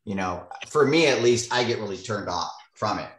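A man's voice: fairly low pitch, expressive, normal speed, fairly bright tone, echoey room. A man hosting a Bible study on a video call, casual and joking. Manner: joking, laid-back, chatty. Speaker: host of men's Bible study. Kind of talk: casual chat.

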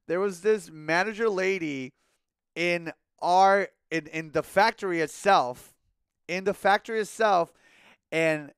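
A man's voice: high-pitched, smooth, no room sound. A young man streaming a game and rambling through a casual story, with lots of likes and restarts.

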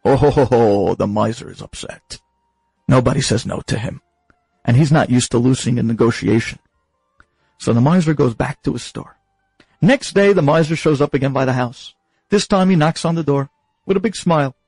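A man telling a moral story with dramatic, expressive pauses. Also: mid-range voice, breathy edge, no echo, soft background music, rough recording. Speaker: rabbi storyteller. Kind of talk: animated storytelling.

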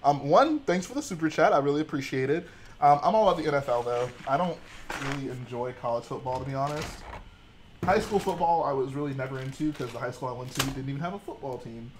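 A man's voice: mid-range voice, fast, noisy background. Joking young man hosting a stream. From Texas. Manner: joking, laid-back banter with chat. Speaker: livestream host. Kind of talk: casual livestream chat.

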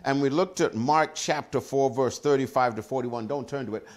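A male pastor preaching a sermon, working through Scripture references with an emphatic, animated delivery and frequent exclamations of praise. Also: medium pitch, normal speed.

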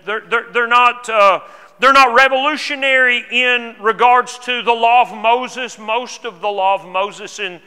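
Male preacher, earnest sermon, stumbling restarts, high voice, echoing church hall. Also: pushed and bright, clear, resonant tone. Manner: earnest, repeats words when restarting. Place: church auditorium. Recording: long hall reverb.

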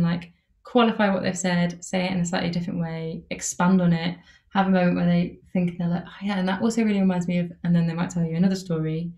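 A woman's voice: fairly low pitch, darkish tone, reverberant. A woman teaching an interviewing masterclass in a casual, chatty way, with lots of "like" and "um". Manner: casual, chatty, many "like" and "um" fillers. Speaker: workshop instructor.

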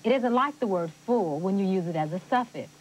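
An actress playing a patient spelling tutor. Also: female voice, medium pitch, expressive, a little fast, a little hiss or hum, close to an everyday voice, poor audio. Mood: explaining. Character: patient adult woman tutor explaining spelling. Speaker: teacher. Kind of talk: scripted educational TV acting.

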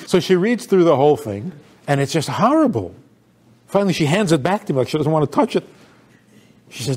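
Husky older man giving an animated talk. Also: high-pitched, moderate pace, long pauses. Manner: storytelling, acts out quoted voices with laughs. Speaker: rabbi. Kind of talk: sermon-style talk.

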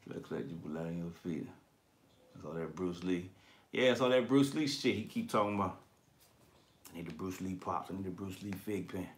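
A man's voice: deep voice, moderate pace. A man hosting a collectibles channel, chatting casually on a livestream and reading viewer comments. His talk is slangy and profane, and he laughs often.

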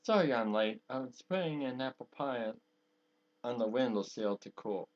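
A man voicing an elegant, poised gothic matriarch in calm, measured lines. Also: medium pitch, dull audio, close to an everyday voice.

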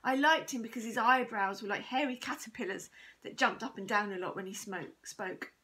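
Woman, teacher, storybook reading, bright, slightly high voice, expressive. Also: normal speed, poor audio. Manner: expressive, steady reading aloud. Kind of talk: storybook read-aloud.

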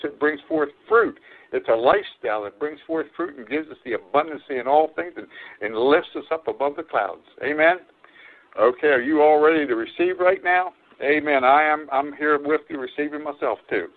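A man preaching a sermon on his radio program, earnest and repetitive, with frequent fillers and restarts. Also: fairly high pitch. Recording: tinny phone-line radio broadcast.

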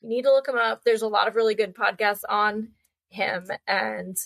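A young woman guest on a podcast, telling animated, chatty anecdotes and acting out voices as she goes. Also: mid-range voice, normal speed, vocal fry, dry recording. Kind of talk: casual storytelling conversation.

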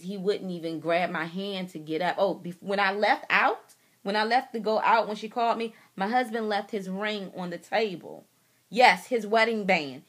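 A woman vlogger telling a personal story to the camera, emotional and animated, talking straight to her viewers and repeating herself for emphasis. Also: medium pitch. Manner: emotional, animated retelling, addresses viewers directly.

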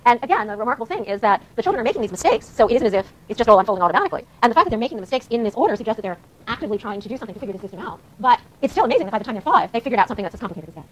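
A woman giving a university lecture, explaining quickly with lots of "um" and "uh". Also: fairly high pitch, poor audio. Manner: fast, animated explaining with frequent fillers. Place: lecture hall.

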